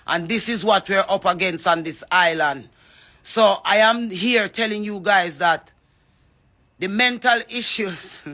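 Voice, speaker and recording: A woman's voice: mid-range voice, bright, forceful tone. Fervent Jamaican woman speaking out. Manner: fervent, calls out names, mixes patois with English. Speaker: reggae artist speaking out. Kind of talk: impassioned social media address.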